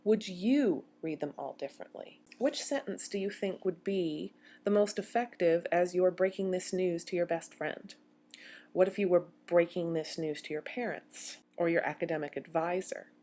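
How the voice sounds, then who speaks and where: A woman's voice: fairly low pitch, moderate pace, mellow. A woman giving a recorded grammar lecture as a university instructor, explaining step by step and posing questions to her students.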